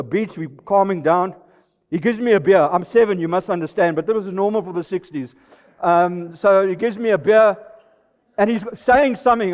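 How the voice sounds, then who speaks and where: A South African man in his sixties giving a comic, self-deprecating talk on stage at a live presentation night. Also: sits high. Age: 60s. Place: live event venue hall. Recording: reverberant hall recording.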